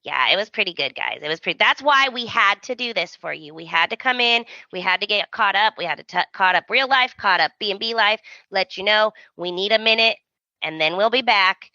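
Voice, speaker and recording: Animated woman recapping, bright voice. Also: mid-range voice, a little fast, no room sound, muffled recording. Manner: animated storytelling, acting out characters' lines. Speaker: podcast host. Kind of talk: casual recap chat.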